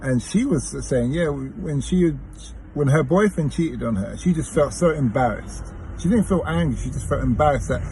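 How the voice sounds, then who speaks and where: A man's voice: fairly high pitch, expressive, moderate pace, dark tone, low-quality recording. A man who drives a taxi, telling passenger stories in a casual, chatty way, laughing and correcting himself as he goes. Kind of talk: casual storytelling monologue. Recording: car and street noise behind.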